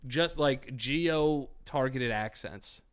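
A man's voice: mid-range voice, drawn-out words, fairly bright tone. A man co-hosting a podcast in crude, jokey casual chat, feeling sweaty and queasy from food poisoning. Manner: crude, jokey, swears freely. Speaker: podcast co-host.

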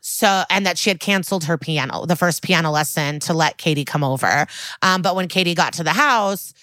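A woman's voice: lowish voice, fairly bright tone, no room sound. A woman co-hosting a podcast, casually recapping a TV episode and quoting the characters. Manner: chatty, quotes characters in quick voices, laughs often. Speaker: podcast co-host.

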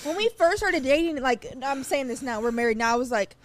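A woman's voice: high-pitched, lively intonation, brisk, a little hiss or hum. A woman co-hosting a podcast, chatting casually and teasing her husband with playful impressions. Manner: playful, teasing, laughs often. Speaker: podcast co-host. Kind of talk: casual chat.

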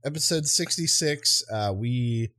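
A man in his thirties co-hosts a casual podcast, speaking in a mid-range voice at a measured pace. The studio sound is clean with no echo. He's an animated storyteller who acts out the voices in his anecdotes.

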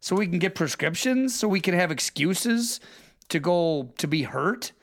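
A middle-aged man talking bluntly in a casual chat, telling stories with swearing and quick impressions of other people. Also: high voice. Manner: blunt, profane storytelling with lively impressions.

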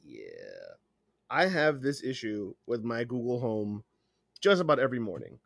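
A man's voice: medium pitch, lively intonation, moderate pace, dry recording, studio quality. A man co-hosting a casual podcast, joking around and boasting playfully. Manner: joking, puts on voices for quotes. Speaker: podcast co-host.

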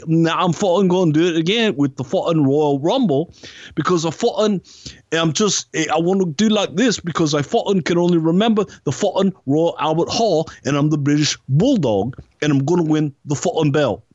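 A man's voice: a little high, darkish tone, no echo, lightly acted. A man impersonating a male wrestler who rambles on and swears every few words. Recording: dry muffled lo-fi recording.

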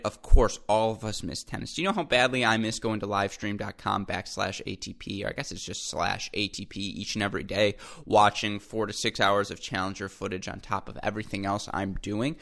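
Low-pitched male podcast host, upbeat and chatty, talks straight to his listeners. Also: vocal fry, a bit bright. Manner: enthusiastic, chatty, addresses listeners as folks. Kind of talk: solo podcast commentary.

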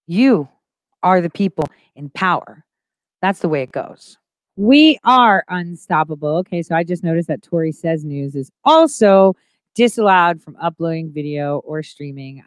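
A woman's voice: sits low, no room sound, clean studio sound. A woman hosting a casual livestream, speaking emphatically with conviction and repeating phrases for stress. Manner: insistent and full of conviction. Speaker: livestream host.

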